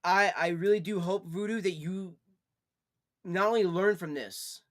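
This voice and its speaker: Ranting with plenty of profanity at a measured pace, a man scolds someone on a casual live stream, going from low, weary sighing up to loud yelling.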